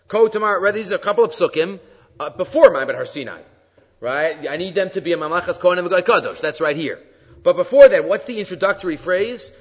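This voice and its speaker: Male rabbi teaching in an echoing hall. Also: sits high. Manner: reads Hebrew verses then translates, asks rhetorical questions. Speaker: rabbi teaching weekly Torah class. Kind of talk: Torah lecture, explaining sources. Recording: dull lo-fi sound with long reverb.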